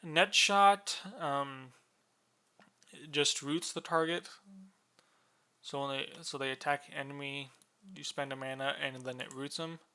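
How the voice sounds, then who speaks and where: A man casually explaining the rules of a board game unit, relaxed and drowsy, with many fillers and yawns. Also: medium pitch, a little slow, pauses often, clean tone.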